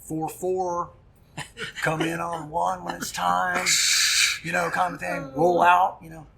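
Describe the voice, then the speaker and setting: A middle-aged punk musician, appearing as a guest, tells a story in casual conversation, animated and profane, acting out the dialogue he quotes. His voice sits high and has vocal fry, and he takes it slowly.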